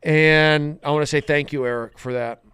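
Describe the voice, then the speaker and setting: A man hosting a comedic podcast in a studio, intense and repetitive, swinging from muttering to loud outbursts. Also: fairly high pitch, steady tone, moderate pace, clean tone, no room sound. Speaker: podcast host.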